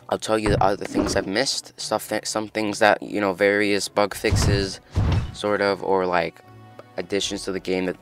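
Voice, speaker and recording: A man with a lowish voice runs through game patch notes in a casual, excitable way. He rambles and stumbles over his words, restarting sentences as he goes. Faint music plays underneath. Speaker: gaming news host. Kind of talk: casual game update commentary.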